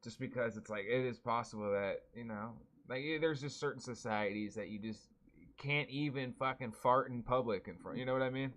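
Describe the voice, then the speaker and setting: A man's voice: medium pitch, a little fast, fairly bright tone. A man co-hosting a podcast, rambling and swearing freely in casual chat. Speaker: podcast co-host.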